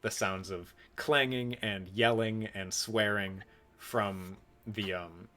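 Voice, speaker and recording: A young man runs a tabletop game as game master. His voice sits on the low side. He narrates loosely, full of fillers and restarts. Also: slow pace. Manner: relaxed, rambling narration with fillers.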